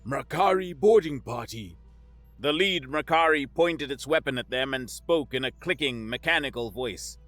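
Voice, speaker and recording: A man narrating a sci-fi story in a steady, measured, scripted reading. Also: mid-range voice, dry recording, faint music behind.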